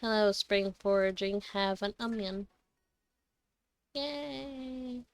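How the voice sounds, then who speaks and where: Young adult female streamer, loose rambling chat full of giggles and cussing; bright, dry close sound. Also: medium pitch, measured pace, clean tone, no room sound. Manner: giggly, swears freely; rambling, self-correcting. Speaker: game streamer. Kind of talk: casual live-stream chat.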